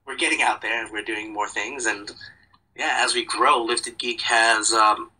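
A man's voice: lowish voice, steady tone, unhurried, bright, forceful tone, breathy edge, poor audio. A young man chatting as a podcast guest, rambling and joking in a self-deprecating way. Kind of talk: casual chat.

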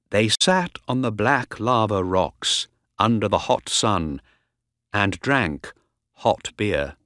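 A man narrating a graded reader story aloud, slow, deliberate and expressive. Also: on the low side, no echo, studio quality. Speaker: audiobook narrator.

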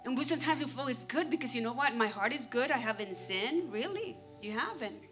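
A woman pastor giving an animated sermon, acting out everyday scenes and talking straight to the congregation. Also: on the high side, brisk, faint music behind. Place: church stage.

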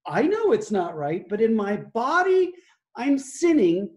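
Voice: mid-range voice, big pitch swings, measured pace, darkish tone. A pastor briefly voicing a young woman who excuses her sin in a breezy, self-justifying way. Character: young woman reading her Bible while stoned.

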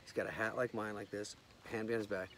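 On a mountain trail outdoors, a comedian appearing as a guest tells a story in casual conversation during a hike, with outdoor noise in the background. His voice is lowish, flat, and fast, and he acts out quoted lines and swears often.

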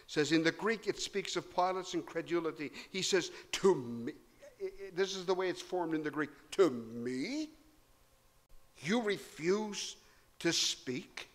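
A man preaching a sermon, swinging between loud emphasis and hushed low tones. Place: church hall. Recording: long hall reverb.

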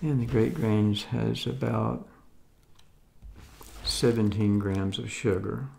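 This is a man in his seventies from the United States, chatting his way through a casual grocery haul. His voice is gravelly and pitched fairly low. He talks in a loose, rambling manner, with folksy asides that often carry a note of doubt. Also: steady tone, slow pace, noisy background. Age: 70s. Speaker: food vlogger.

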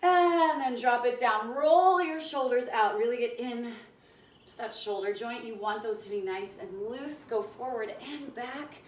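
A young woman with a fairly high voice runs a live home workout from an indoor room, counting down reps at a measured pace and greeting viewers by name while out of breath from exercising along. The phone streaming her sits far off in an echoey room, leaving a slight hiss or hum.

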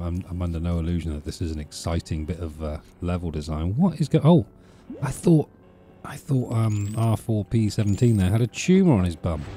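A man's voice: deep voice, warm tone, slight background noise. A man casually chatting through a video game as a let's play host, rambling and cutting himself off with fillers. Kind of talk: casual gameplay commentary.

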